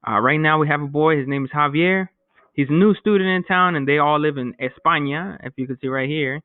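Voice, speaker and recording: A man's voice: on the high side, fairly quick, clean tone, no room sound. A man teaching a beginner Spanish class in a casual, joking way, explaining each step. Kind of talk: recorded remote language lesson. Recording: dry, phone-like lo-fi sound.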